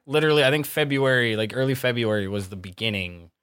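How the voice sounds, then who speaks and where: Guy with a bright voice co-hosting a podcast, blunt, swears a lot, casual chat. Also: medium pitch, lively intonation, quick pace, clear, resonant tone. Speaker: podcast co-host.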